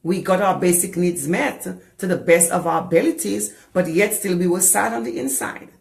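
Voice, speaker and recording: A woman's voice: fairly low pitch, normal speed, creaky, roomy sound. A woman from the Caribbean preaching a sermon as a pastor, passionate and repeating phrases for emphasis. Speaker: pastor and deliverance minister.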